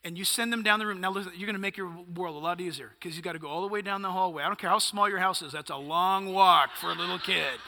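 A man's voice: high voice, fast, vocal fry, hardly any pauses, sharp tone, big-room sound. A male pastor preaching a sermon, emphatic and punchy, firing off rhetorical questions.

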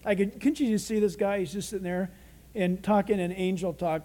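A man preaching a sermon as a pastor, in an animated, dramatic way. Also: sits high, fairly quick.

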